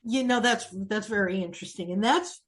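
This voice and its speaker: A woman hosting a podcast, reading a scripted intro and then chatting with her guest, sometimes dropping to a soft, breathy tone. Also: mid-range voice, brisk. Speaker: podcast host.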